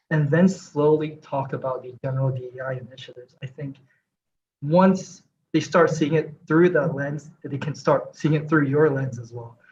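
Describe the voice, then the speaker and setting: A man panelist speaking in a measured, soft-spoken way with fillers on a video call. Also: a little high, dull audio, a little hiss or hum. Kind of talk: casual panel discussion.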